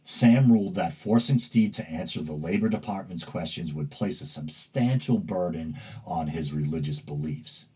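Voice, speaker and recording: Male podcast host, New England accent, deep and extremely clear voice, rambling, hesitant delivery. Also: moderate pace, dark tone. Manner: rambling, hesitant, with many fillers and self-corrections. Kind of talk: casual commentary, reading news aloud.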